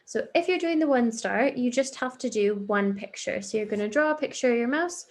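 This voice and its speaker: A woman's voice: a little high, expressive, a little fast. A woman, a primary school teacher giving a recorded online lesson to young children, patient and encouraging as she explains step by step.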